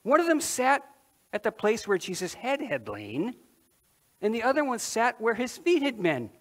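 Mary Magdalene, grieving and awestruck. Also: male voice, very high voice, moderate pace, full character voice. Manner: expressive, asks the listeners questions directly. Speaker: preacher in a first-person dramatic monologue. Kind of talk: dramatic first-person storytelling sermon.

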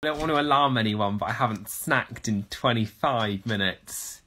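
A man voicing a pet dog's inner thoughts in a dry, deadpan way about missing snacks. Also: medium pitch, moderate pace, slight background noise, close to an everyday voice. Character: snack-obsessed pet dog, deadpan male.

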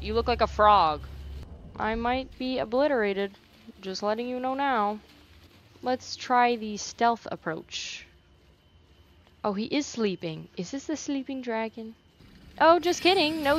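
A woman's voice: a little high, measured pace. A young woman doing let's play commentary. She swears freely, repeats phrases and talks back to the game. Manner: animated reactions, repeats phrases. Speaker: gaming YouTuber.

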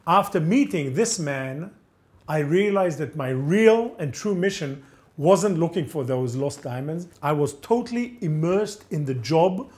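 A man lectures as a gripping storyteller, recounting the tale in the first person with theatrical flair. His fairly high voice swoops up and down a little slowly as he acts out each exchange in shifting voices.

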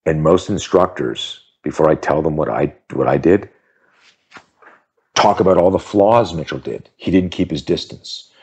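Self-defense instructor, man in his 50s, very low voice, animated and emphatic interview storyteller. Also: normal speed, husky. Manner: animated storyteller who acts out the voices of people in his anecdotes; emphatic, repeats key phrases for effect.

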